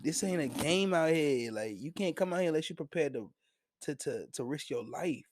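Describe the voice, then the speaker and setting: A bold pirate captain, put on by a man, lays down the law in slangy, measured words. His voice sits a little higher than the man's own. The sound is dry and close. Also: animated, dry recording. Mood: stern. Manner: slangy, lecturing. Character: bold male pirate captain, calm and stern.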